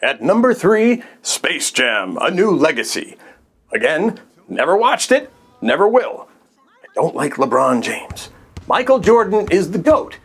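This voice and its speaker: A man's voice: a little high, sing-song, measured pace, slight background noise. A man giving a crude, exasperated comedy rant as a movie reviewer.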